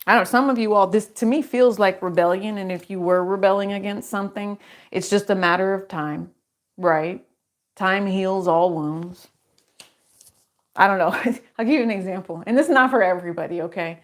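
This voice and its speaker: A woman's voice: medium pitch, moderate pace. Chatty woman giving a tarot reading. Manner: chatty, rambling, laughs often. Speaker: tarot reader. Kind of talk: casual tarot reading chat.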